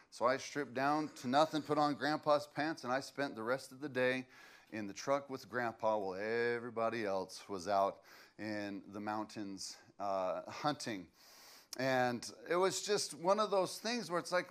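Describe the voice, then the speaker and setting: A man's voice: mid-range voice, a little slow, fairly bright tone. A man, preaching a sermon as a pastor and telling stories in a loose, conversational way with fillers.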